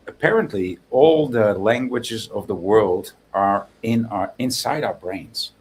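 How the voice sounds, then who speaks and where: A man co-hosting a casual talk show, speaking haltingly and searching for his words. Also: on the low side, slight background noise, low-quality recording. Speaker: podcast co-host. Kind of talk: casual chat.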